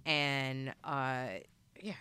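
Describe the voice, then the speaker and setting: A woman's voice: very deep voice, flat delivery, drawn-out words, bright, forceful tone, clear, resonant tone. A woman comic telling a story in casual podcast chat, rambling with many fillers and acting out quoted voices. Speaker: stand-up comic and podcast guest.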